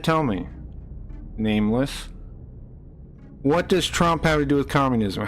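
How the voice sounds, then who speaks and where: A man's voice: fairly high pitch, a little hiss or hum. Angry profane man ranting at his chat. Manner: angry, profane, repeats himself, rising to shouts. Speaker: streamer. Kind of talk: heated live-stream rant at chat.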